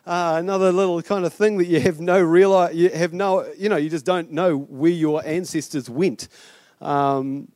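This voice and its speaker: A man's voice: fairly high pitch, fairly even intonation, moderate pace, darkish tone, no room sound, clean studio sound. A middle-aged man with a New Zealand accent preaching a sermon as pastor, chatty and rambling with fillers and restarts.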